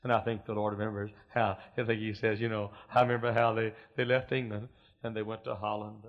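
A middle-aged man, a pastor preaching a sermon in a folksy storytelling way that swells into loud preaching. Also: lowish voice, little pitch movement, brisk. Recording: muffled lo-fi recording.

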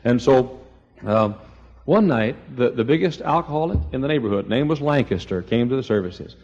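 An older man preaching a sermon, telling folksy stories and swinging between quiet asides and loud, high exclamations. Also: expressive, normal speed, slightly rough. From East Texas. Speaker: pastor.

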